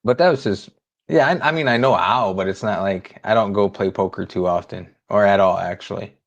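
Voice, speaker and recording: A man's voice: on the low side, a little fast, dull audio. A man hosting a casual livestream chat, laid-back and blunt as he tells a story. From Las Vegas area. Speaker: host.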